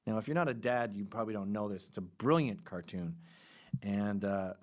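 A man's voice: lowish voice, normal speed. A middle-aged man hosting a podcast, talking in a rambling, irreverent, casual way. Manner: rambling, irreverent, jumps between topics. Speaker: podcast host.

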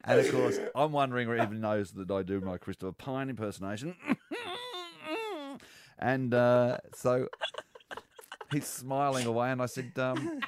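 An Australian man hosting radio, telling animated stories and laughing often in casual banter at a studio microphone. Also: medium pitch, normal speed, long pauses, clear, resonant tone, no room sound. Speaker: radio host.

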